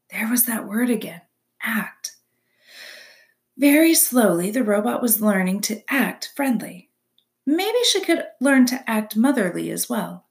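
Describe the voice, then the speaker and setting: A woman narrating a children's novel aloud with expressive storytelling. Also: a little high, a little slow.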